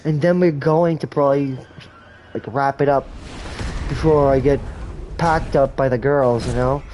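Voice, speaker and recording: A man's voice: medium pitch, fairly even intonation, measured pace, a little mellow, slight background noise. A man giving casual, rambling game commentary on a livestream, full of crude jokes.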